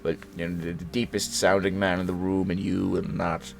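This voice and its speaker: A man putting on a deep, dark voice as a booming, imposing older man who speaks in slow, grandiose declarations. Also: flat delivery, creaky.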